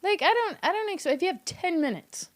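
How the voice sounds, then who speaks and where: A woman's voice: very high-pitched, expressive, brisk. Candid Southern woman comedian. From Kentucky. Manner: candid, laughs through stories, swears casually. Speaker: comedian guest. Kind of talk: casual podcast chat.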